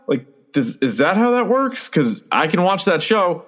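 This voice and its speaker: Animated sarcastic man, higher voice. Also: brisk, few pauses. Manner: animated, sarcastic, acts out mocking quotes. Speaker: podcast co-host. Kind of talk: casual podcast chat.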